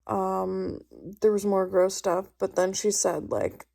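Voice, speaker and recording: A young woman excitedly recapping a book she is reading, gushing and saying "like" a lot. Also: mid-range voice, slow pace, vocal fry. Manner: gushing, excitable, heavy use of "like". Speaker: book vlogger. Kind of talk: casual reading vlog recap.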